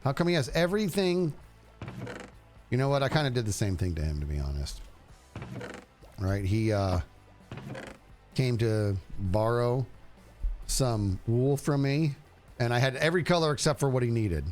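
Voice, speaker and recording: A man streaming a game and chatting casually, animated and jokey, talking to himself as he plays. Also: mid-range voice, moderate pace, long pauses, faint music behind. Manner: animated, jokey, talks to himself while playing. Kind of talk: casual gameplay commentary.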